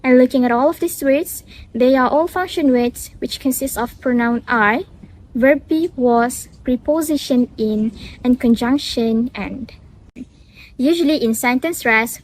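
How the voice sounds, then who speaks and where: A young woman with a Malaysian English accent, presenting a scripted student analysis and reading word lists in a careful, measured way. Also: high-pitched, darkish tone, poor audio. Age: young adult.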